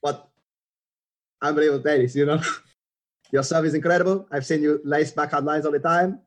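A man's voice: fairly high pitch, steady tone, moderate pace, voice pushed up, natural voice. A man doing a polite tennis star impression. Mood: playful. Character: apologetic famous tennis star, warm and polite.

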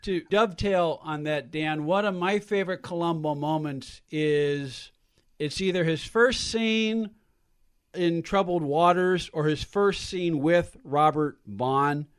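A man's voice: fairly high pitch, takes it slowly, clean tone. A man hosting a casual panel chat, often repeating words as he restarts. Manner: stammering restarts. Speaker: host.

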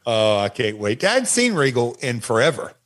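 An older man with a Southern accent, co-hosting a casual wrestling podcast, rambling and jokey in a gruff way. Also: mid-range voice, sing-song, moderate pace, fairly bright tone.

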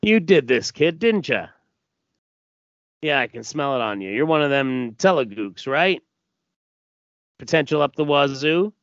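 A man putting on a crass alien bounty hunter, gruff and sneering, who tosses out crude taunts in a slightly raised voice. The sound is dull and dry, with no room around it. He is reading a comic aloud. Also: fairly high pitch, very animated, measured pace, long pauses, fairly bright tone, no echo, voice pushed up, exaggerated voice.

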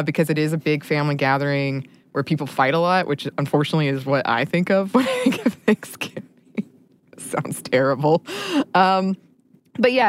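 A woman's voice: low voice, clean tone. A woman co-hosting a podcast, chatting casually and laughing often. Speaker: podcast co-host.

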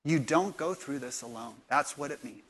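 A man preaching a sermon in church, animated, jumping from quiet remarks to loud acted-out lines. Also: medium pitch, moderate pace, husky. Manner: animated, acts out dialogue with sudden loud bursts. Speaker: pastor.

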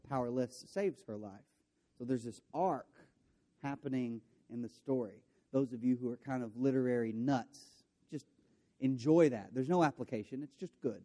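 A man's voice: medium pitch, mellow. A man preaching a sermon, retelling a story with playful voices for the characters and jokey asides. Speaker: pastor.

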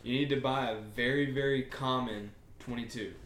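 A young man co-hosting a hunting podcast, teasing his friends with quick banter. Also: mid-range voice, steady tone, fairly bright tone, echoey room, slight background noise. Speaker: podcast co-host. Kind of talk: casual chat.

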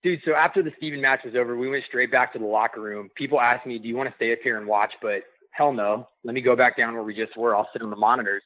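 A man telling a backstage story in a casual, animated way, acting out the things people said to him. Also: medium pitch, quick pace, no room sound. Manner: animated, acts out quoted dialogue. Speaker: guest recounting backstage experience. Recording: tinny phone line.

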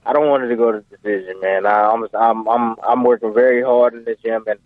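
Male phone-in guest, rambling storyteller, flat dry phone sound. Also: medium pitch, brisk, dry recording. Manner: animated, rambling, full of fillers. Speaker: guest, professional boxer. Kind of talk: casual storytelling interview. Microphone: phone call. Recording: tinny phone line.

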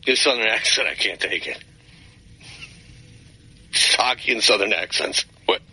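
A man's voice: fairly low pitch, animated, unhurried, bright, forceful tone, breathy edge, heavily acted. A man voicing a dismissive male sports radio host in a scoffing manner.

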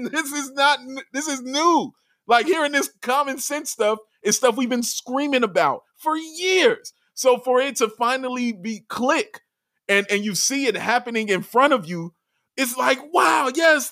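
A man co-hosting a casual sports talk show, excitable, laughing often and raising his voice when thrilled. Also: very high-pitched, no room sound, studio quality. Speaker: podcast co-host.

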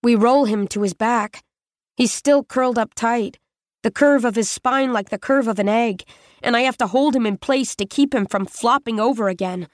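A woman reading a first-person story aloud in a measured, steady way. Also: on the high side, no echo, clean studio sound. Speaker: audiobook narrator.

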